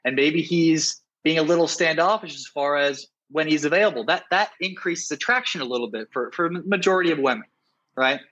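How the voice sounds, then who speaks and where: A man with a slightly high voice talks as a dating coach in a relaxed interview. He is earnest and often restarts his sentences. He keeps checking in with his listener by asking "right?". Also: fairly quick, dull audio. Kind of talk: casual interview talk.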